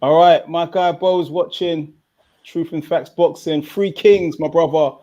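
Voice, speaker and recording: An English man hosts a live fan watchalong in a loose, chatty way, reading viewer comments aloud between his own remarks. His voice sits a little high and has a warm, mellow tone. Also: steady tone, a little slow, muffled recording. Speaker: host. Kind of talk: casual live watchalong chat.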